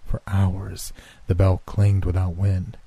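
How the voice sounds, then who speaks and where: A man reading a horror story aloud in a measured, hushed narration. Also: sits low, completely flat delivery, creaky, husky.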